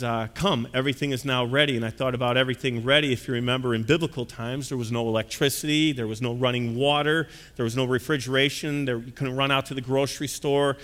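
A man's voice: medium pitch, fairly bright tone, long reverb tail. A male pastor preaching a sermon in a folksy, conversational way with frequent fillers.

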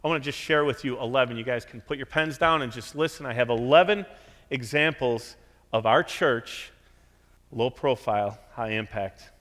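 A man preaching a sermon from a church sanctuary, animated and lively, acting out the quotes he tells. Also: moderate pace. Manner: animated, acts out quotes with big pitch jumps. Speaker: pastor. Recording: reverberant church hall.

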